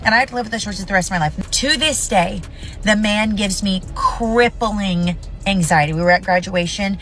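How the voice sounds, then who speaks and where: A woman in her thirties speaks straight to camera in an indignant, emotional rant. She is blunt and swears freely, and her voice sits at an ordinary middle pitch. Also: normal speed, fairly bright tone, soft background music. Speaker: mother sharing her story.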